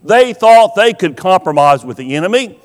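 A man preaching a sermon, asking the listeners rhetorical questions and pausing for effect. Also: high voice, big pitch swings, soft background music. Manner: rhetorical questions, dramatic pauses. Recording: long hall reverb.

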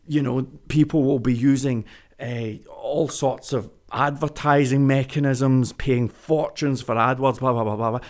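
A man talking straight to his viewers in a casual vlog, pitching an idea like a salesman and repeating phrases for emphasis. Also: darkish tone. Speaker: web business vlogger. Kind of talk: energetic casual monologue to camera.

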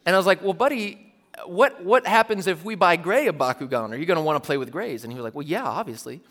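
A pastor in his thirties tells a story from the pulpit in a loose, conversational way, animated and quick to laugh at himself. His voice sits high for a man. A long reverb trails each phrase, as if the sound fills a large church auditorium. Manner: chatty, animated, self-amused, many "like" fillers.

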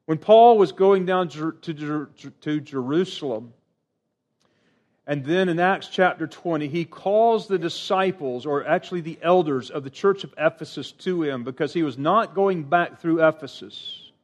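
A middle-aged male preacher with a slightly higher-than-usual voice delivers a sermon. He is earnest and emphatic, jumping up for key points and dropping soft at the ends of phrases. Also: unhurried. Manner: earnest, emphatic preaching with sudden pitch rises and quiet trailing endings.

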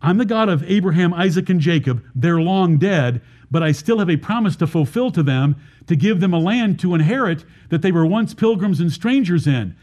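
A man's voice: high-pitched, expressive, moderate pace, darkish tone. A man preaching a Baptist sermon, asking the congregation rhetorical questions and explaining scripture verse by verse.

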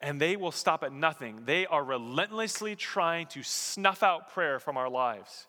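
A man's voice: a little high, animated, unhurried, hardly any pauses, bright, forceful tone. A man preaching a sermon as pastor, telling stories and building to emphatic peaks. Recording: echoey hall.

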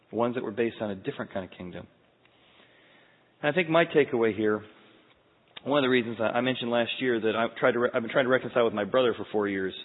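Earnest preacher in a reverberant church hall. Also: male voice, medium pitch. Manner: earnest, confessional storytelling. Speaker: pastor. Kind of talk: sermon. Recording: phone-like sound with long hall reverb.

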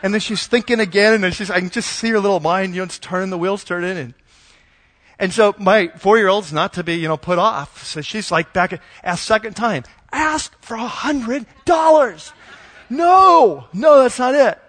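A middle-aged male pastor whose voice sits a little higher than most men's. He preaches casually and chattily, often pausing on "uh" and "um" and restarting his sentences as he tells a story. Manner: conversational and relaxed, with frequent fillers and restarts. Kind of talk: sermon with personal storytelling.

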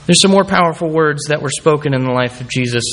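A male preacher with a voice that sits a little high for a man delivers a sermon. He reads scripture aloud, and his voice climbs when he voices the quoted cries. He calls the congregation to come forward. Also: fast, fairly bright tone, a little hiss or hum.

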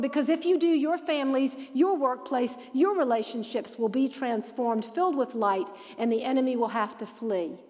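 High-voiced woman teaching in a reverberant hall. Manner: animated storyteller who acts out quoted dialogue. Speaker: Bible study teacher. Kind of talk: lively preaching-style Bible lesson.

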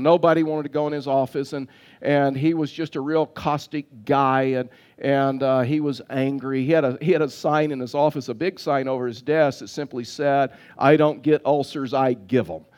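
A man's voice: on the high side, a little mellow. A man, a pastor preaching a sermon, telling stories with repeated words and restarts. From Texas.

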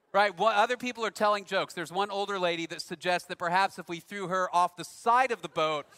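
Male pastor, conversational storyteller; high pitch, sharp timbre, big reverberant room. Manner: conversational, self-deprecating storyteller. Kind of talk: sermon with a personal story.

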